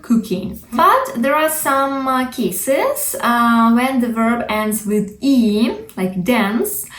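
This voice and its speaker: Woman, teacher, highish voice, patient explaining, roomy echo. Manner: explains patiently with frequent "yeah" and "like" tags. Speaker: English teacher. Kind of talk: grammar lesson.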